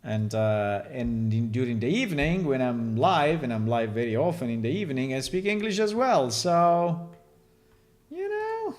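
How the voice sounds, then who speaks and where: A man's voice: mid-range voice, animated, moderate pace, darkish tone. A man from Italy with an Italian accent, rambling and joking with his chat in a casual live stream while he works on a game.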